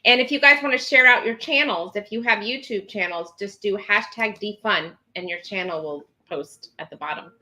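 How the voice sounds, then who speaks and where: Woman host on a live stream, bright voice, reads out chat comments, lots of ums. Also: medium pitch, normal speed, few pauses, low-quality recording. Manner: reads viewer comments aloud, chatty, many ums.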